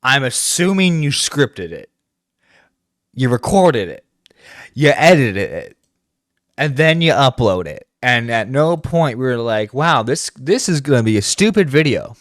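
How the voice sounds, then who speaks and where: A man's voice: medium pitch, sing-song, measured pace, no room sound, studio quality. A man hosting a reaction stream, bluntly cursing and stammering through restarts. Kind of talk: profane reaction commentary.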